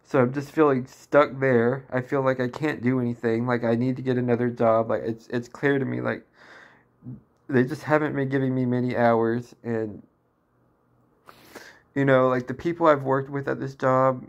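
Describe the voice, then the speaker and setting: Downcast, halting man in his twenties. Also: mid-range voice, level tone, vocal fry, muffled recording. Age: 20s. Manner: halting, full of restarts and fillers, downcast. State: emotionally distressed. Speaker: vlogger. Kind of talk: personal venting monologue.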